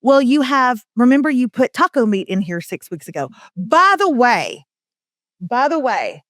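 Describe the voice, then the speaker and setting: A middle-aged woman chats as co-host and tells her stories with lively put-on voices. Her voice sits a little high. The sound is dry and close to the mic. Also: normal speed, no echo. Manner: animated storyteller, jumps into put-on voices. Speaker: podcast co-host. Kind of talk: casual chat.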